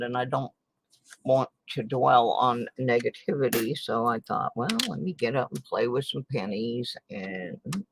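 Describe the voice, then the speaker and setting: Drawling, creaky-voiced tired woman. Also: very deep voice, a little hiss or hum, poor audio. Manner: rambling, folksy, thinks aloud with sighs and little exclamations. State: tired and sleepless. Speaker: coin roll hunting vlogger. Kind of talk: late-night casual chat while searching coins. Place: living room at home at night.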